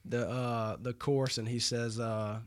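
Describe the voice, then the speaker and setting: A man who is a guest on a podcast, telling animated stories with many fillers and restarts. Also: medium pitch, takes it slowly. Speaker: guest, professional baseball player. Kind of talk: casual storytelling in an interview.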